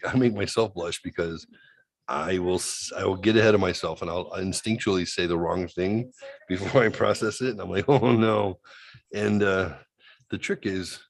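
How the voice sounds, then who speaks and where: A man's voice: low voice, creaky. A man co-hosting a casual comedy chat show, telling a rambling story, acting out what people said and laughing often. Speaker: co-host.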